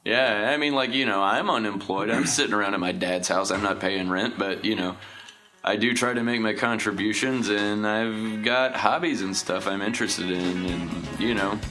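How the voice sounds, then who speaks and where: A man's voice: on the low side, steady tone, normal speed, pushed and bright, faint music behind. A man from Texas with a faint Southeast Texas accent, telling rambling, self-deprecating stories as a podcast guest. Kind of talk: casual chat.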